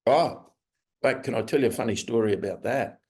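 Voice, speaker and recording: A man with an Australian accent presenting a webinar, telling anecdotes and acting out quoted people in a higher voice. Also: brisk, darkish tone, slightly rough. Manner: anecdotal, acts out quoted voices in a raised pitch. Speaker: webinar presenter on restorative practice. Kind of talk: storytelling presentation.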